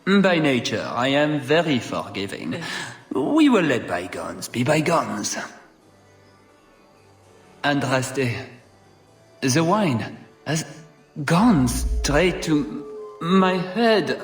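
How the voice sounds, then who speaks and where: A pompous male nobleman in a video game, haughty and condescending, drawling slowly with a lilting, lively pitch. He sounds set back from the mic in an echoey space. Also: distant mic, soft background music, full character voice.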